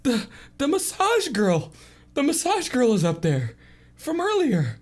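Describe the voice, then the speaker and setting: A man voicing a cowardly, beaten-up man who yelps and pleads in a high whine. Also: huge pitch swings, measured pace, darkish tone, full character voice. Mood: dazed. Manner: yelping, high-pitched and pleading.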